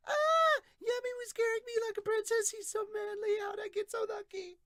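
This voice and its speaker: A man putting on a swooning falsetto princess. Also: steady tone, gravelly, bright, forceful tone, no echo, clean studio sound, full character voice. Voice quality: high falsetto. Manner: breathless rapid swooning. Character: flustered lovestruck young princess woman.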